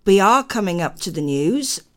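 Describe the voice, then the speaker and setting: A woman's voice: medium pitch, big pitch swings, moderate pace, fairly bright tone. A woman hosting a live radio chat show from a studio, chatting in a rambling way with apologetic asides.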